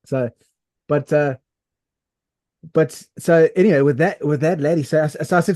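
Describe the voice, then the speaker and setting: Animated man telling a story, dark dry voice. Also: mid-range voice, brisk, no echo. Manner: animated, rambling with many "like"s and restarts. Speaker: podcast co-host. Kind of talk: casual storytelling chat.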